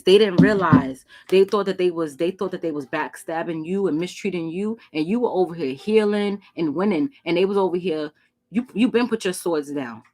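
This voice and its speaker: A young woman with a lowish voice talks through a tarot reading in a casual, direct way. She is blunt and emphatic and swears freely while she drives her points home. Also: fairly quick. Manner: blunt, profane, animated and emphatic. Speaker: tarot reader.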